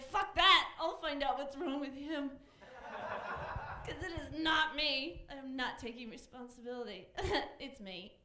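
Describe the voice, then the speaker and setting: A woman's voice: high voice, pushed and bright. A woman in her thirties doing a chatty stand-up set on a comedy club stage, laughing between her lines. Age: 30s.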